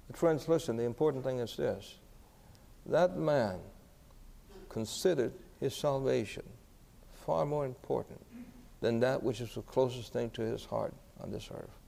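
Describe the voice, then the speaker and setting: Gravelly-voiced pastor preaching in a hall. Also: male voice, medium pitch, measured pace, warm tone. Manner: earnest, asks the congregation questions. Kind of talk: sermon storytelling. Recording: echoey hall.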